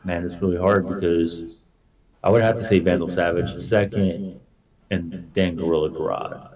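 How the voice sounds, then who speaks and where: A young man co-hosting a casual podcast, chatting with animated energy and laughing as he acts out quotes. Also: low-pitched, normal speed, crowd noise. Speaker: podcast co-host. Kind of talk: casual chat. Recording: distant, dull lo-fi podcast audio.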